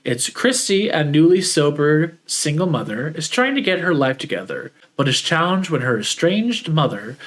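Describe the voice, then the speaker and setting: A man's voice: on the high side, big pitch swings, moderate pace, hardly any pauses, fairly bright tone. A man hosting a solo podcast, talking earnestly and openly about family and emotions, with frequent restarts. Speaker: podcast host. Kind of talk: reflective solo podcast talk.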